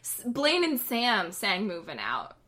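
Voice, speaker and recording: A woman's voice: medium pitch, huge pitch swings, slow, sharp tone. A young woman co-hosting a casual podcast, rambling through stories with lots of giggling. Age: young adult. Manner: giggly, rambling storytelling with frequent laughter. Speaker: podcast co-host. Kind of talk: casual chat.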